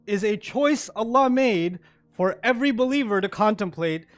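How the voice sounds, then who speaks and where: A man giving a sermon-style lecture to a live audience, animated and often checking in with listeners. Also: high voice, moderate pace, soft background music. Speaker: Islamic speaker.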